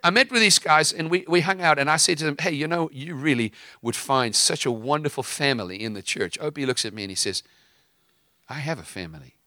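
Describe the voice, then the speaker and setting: A man's voice: a little high, fast, hardly any pauses, sharp tone, dry recording, clean studio sound. A man preaching with fiery emphasis, mixing stories and casual asides with scripture. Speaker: preacher and host. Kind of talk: impassioned preaching.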